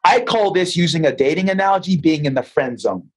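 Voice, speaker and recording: A husky man with a high voice, guest on a podcast interview. He tells lively stories, acts out both sides of conversations, and often doubles up words when he restarts a sentence. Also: brisk, low-quality recording. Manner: lively storyteller who acts out dialogue. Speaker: guest, financial advisor.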